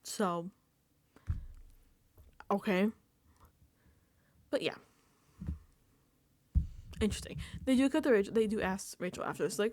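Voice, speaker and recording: A woman with a fairly high voice recaps reality TV casually at a desk mic, speaking at normal speed with long pauses. She animatedly performs her reactions and quotes, and the recording is dry.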